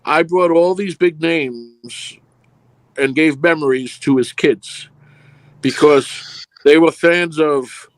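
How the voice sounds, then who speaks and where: A middle-aged man, a film producer, tells lengthy, rambling anecdotes in a relaxed interview, acting out what people said. He speaks slowly in a voice on the high side, without echo.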